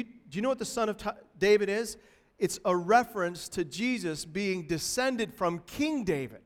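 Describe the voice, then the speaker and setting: High-voiced male preacher in a reverberant hall. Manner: expressive preaching, voices a pleading woman in rising tones. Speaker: pastor. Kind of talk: sermon. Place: church hall.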